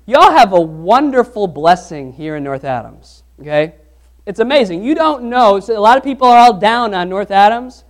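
A man preaching a sermon to a congregation. He talks in a casual, animated way and drifts into personal anecdotes. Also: sits high, normal speed. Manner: conversational, animated storytelling with restarts. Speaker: pastor.

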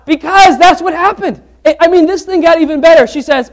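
A man preaching a sermon to a congregation. He talks in a casual, animated way and drifts into personal anecdotes. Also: very high-pitched, normal speed. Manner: conversational, animated storytelling with restarts. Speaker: pastor.

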